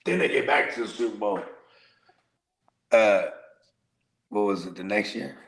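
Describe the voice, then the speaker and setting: A man co-hosting a casual sports podcast, telling stories in an animated, profane way that swings between loud bursts and quiet asides. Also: lowish voice, a little slow. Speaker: podcast co-host.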